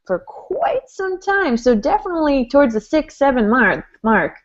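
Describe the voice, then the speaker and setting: A woman co-hosting a podcast in casual chat, explaining her points in an animated way over a video call. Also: high-pitched, moderate pace. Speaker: podcast co-host. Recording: dull lo-fi call audio.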